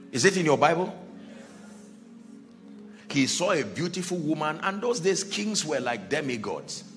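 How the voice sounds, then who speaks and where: A man preaching a sermon as pastor, dramatic, dropping to a hush and rising to shouts, acting out the people in his stories. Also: a little high. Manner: acts out Bible characters in quoted dialogue.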